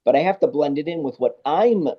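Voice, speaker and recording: A man, a guest sound engineer, telling stories in a casual interview, animated and acting out both sides of conversations. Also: fairly high pitch, brisk, husky. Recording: dull lo-fi podcast audio.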